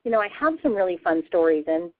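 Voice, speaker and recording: A woman's voice: on the low side, expressive, fast, no echo. A woman hosting a casual radio interview, a chatty storyteller who laughs often. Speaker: host. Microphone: phone. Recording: tinny phone line, dry.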